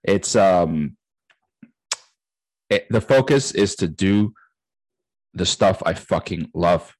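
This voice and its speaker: He speaks low and slowly, with no echo, on a low-quality recording. This late-thirties podcast co-host spins a profane, animated story in casual chat, voicing the dialogue himself and breaking into frequent laughter.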